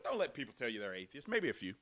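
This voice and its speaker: A man's voice: mid-range voice, very animated, rapid-fire, a bit bright, dry recording. A man preaching a sermon, emphatic, often repeating words and firing off rhetorical questions.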